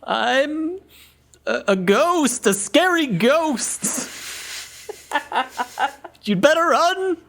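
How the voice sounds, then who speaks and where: Timid barrel stowaway faking a ghost, high and giggly, as a male game master puts it on. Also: animated, slow, vocal fry, fairly bright tone, full character voice. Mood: fake spooky. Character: meek stowaway hiding in a barrel, pretending to be a scary ghost.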